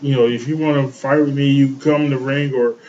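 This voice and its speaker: A man's voice: medium pitch, fairly even intonation, brisk, warm tone, highs cut off, a little hiss or hum. A man co-hosting a show, ranting in heated casual chat, swearing often and repeating himself. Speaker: podcast co-host.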